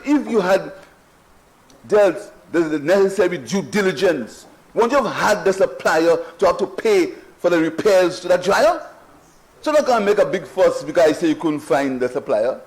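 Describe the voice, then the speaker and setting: A man's voice: high voice, rough recording. Emphatic Saint Lucian man in parliamentary debate. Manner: emphatic, mocking, repeats phrases. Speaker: prime minister in parliament. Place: parliament chamber.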